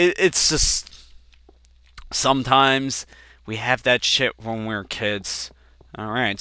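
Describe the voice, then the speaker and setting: Young male gamer host, bright, dry close-mic sound, lively rambling delivery. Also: mid-range voice, smooth, dry recording. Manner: rambling storyteller, swears casually, jumps to loud outbursts. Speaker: gaming channel host. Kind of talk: casual let's play commentary.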